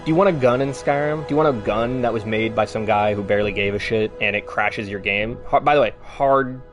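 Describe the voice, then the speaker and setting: A man's voice: lowish voice, a little fast, soft background music. Rambling, swearing male streamer. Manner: rambling, swears freely, ranting. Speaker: live streamer. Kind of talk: casual live-stream chat.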